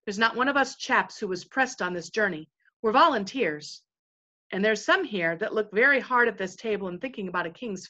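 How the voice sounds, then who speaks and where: A woman reading as a blunt, earnest sailor, bright tone, dull recording. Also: mid-range voice. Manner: earnest and plain-spoken. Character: male sailor, blunt proud volunteer.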